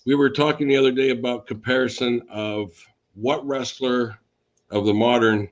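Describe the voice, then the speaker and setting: A man hosting an interview, asking a relaxed closing question. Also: medium pitch, moderate pace, dull audio. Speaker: interview host. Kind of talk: casual interview.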